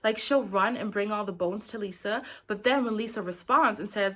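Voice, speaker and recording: A recap YouTuber gives a casual, opinionated rundown of a reality show, chatty and saying "like" constantly. Her mid-range voice is pushed and bright, at normal speed with few pauses.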